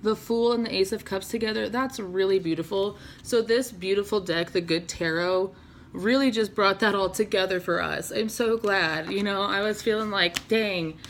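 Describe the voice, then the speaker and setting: A woman's voice: mid-range voice, moderate pace. Chatty woman doing a tarot reading, laughs a lot, bit of swearing, faint hiss behind. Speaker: tarot reader. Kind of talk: casual tarot card reading.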